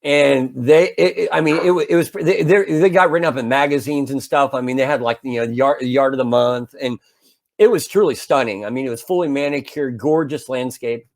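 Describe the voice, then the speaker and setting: A man in his fifties casually telling a long anecdote as a podcast co-host, animated and full of restarts. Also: mid-range voice, a little fast. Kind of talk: casual storytelling chat.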